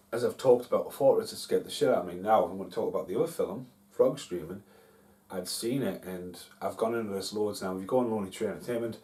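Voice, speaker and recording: A man's voice: sits low, mellow. A man hosting a casual film review vlog at home, rambling and swearing freely. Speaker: host. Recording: roomy, distant from mic.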